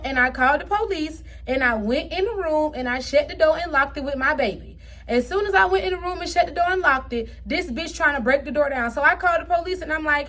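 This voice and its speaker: A young woman with a high voice tells a personal story to her viewers in a casual, unscripted way. She talks in a heated, profane manner, her pitch jumping up and sinking low as she relives the events. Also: lively intonation, fairly quick, a bit bright. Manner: heated and profane, swings up and down in pitch while retelling. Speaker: storytime vlogger.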